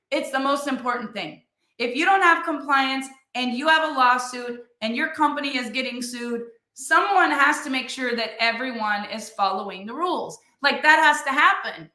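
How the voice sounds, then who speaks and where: A high-voiced, bright middle-aged woman gives a motivational talk in a roomy, echoey space. She tells her stories with lively energy, acts out what others say, and fills every sentence with "like.". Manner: animated storytelling, acts out other people's lines; says "like" constantly. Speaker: motivational speaker and business leader. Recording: roomy echo.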